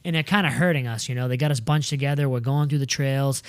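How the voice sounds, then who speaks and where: A young adult man telling a story in casual podcast chat, animated, swearing freely and saying "dude" a lot. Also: medium pitch, fast talker, smooth, no room sound. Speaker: podcast regular.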